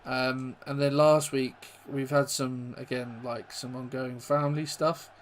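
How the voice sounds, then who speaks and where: A young man from England casually commentating his own football video game, rambling between plays and shouting when goals go in. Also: mid-range voice, unhurried, slight background noise. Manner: chatty, rambling, bursts into excited goal shouts. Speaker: gaming YouTuber.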